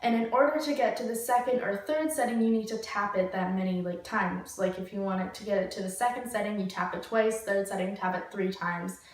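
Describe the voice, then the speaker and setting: A woman's voice: medium pitch, steady tone, a little fast, few pauses. A young woman telling a story casually, rambling, full of "like" and swearing. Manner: rambling, heavy use of "like" and swearing. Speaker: vlogger. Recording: very echoey room, distant mic.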